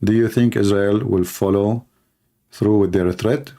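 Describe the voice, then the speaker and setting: A man hosting a casual livestream, answering viewers and telling mocking, joking stories in an animated way. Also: fairly low pitch, a little slow. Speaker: livestream host. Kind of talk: casual comedic chat and anecdote.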